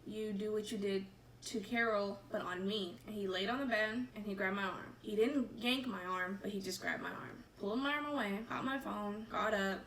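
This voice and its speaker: A woman recounts a painful experience of her own in a candid, halting, emotional way. Her voice is bright and sharp. She sounds a little distant from the mic, with faint background noise. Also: mid-range voice. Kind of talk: personal testimony to camera.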